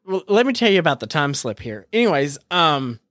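A woman telling a story in casual chat, animated and acting out the people she quotes. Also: deep voice, brisk, dry recording, clean studio sound.

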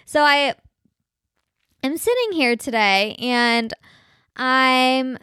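A young woman hosting a podcast, telling family stories in a chatty, animated way, often laughing and saying "like". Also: high-pitched, extremely slow, clean tone, no echo, studio quality. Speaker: podcast host. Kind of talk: casual storytelling monologue.

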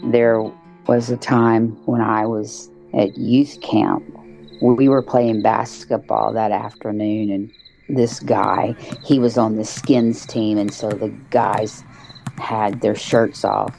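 A woman tells a true story in a loose, halting way, circling back and restarting her sentences. Her voice has a gravelly rasp and a slow, deliberate pace, with faint music under it. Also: extremely low pitch, flat delivery, mellow, rough recording. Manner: halting, with many restarts and "you know"s. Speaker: guest storyteller. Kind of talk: casual spoken storytelling.

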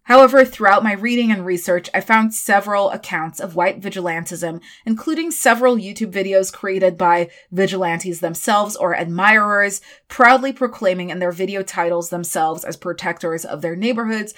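A woman hosting a history podcast, reading scripted narration broken up by animated, sarcastic asides. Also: mid-range voice, normal speed, few pauses. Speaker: podcast host.

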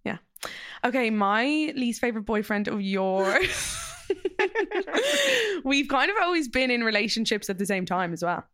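A woman's voice: a little high, big pitch swings, unhurried, a bit bright. A young adult woman with an Irish accent hosting a podcast in casual chat, chatty, laughing often and swearing freely. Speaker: podcast host.

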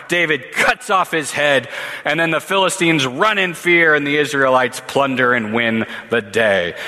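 Preacher, male, bright and forceful tone, casual storyteller with asides; big reverberant room. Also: mid-range voice. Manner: lively, casual retelling with asides. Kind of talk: sermon storytelling.

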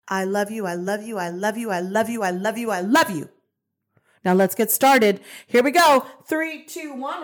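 A woman hosting a podcast, giving an energetic motivational monologue on manifestation, repetitive and preachy, swearing casually. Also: on the high side. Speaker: podcast host and manifestation coach.

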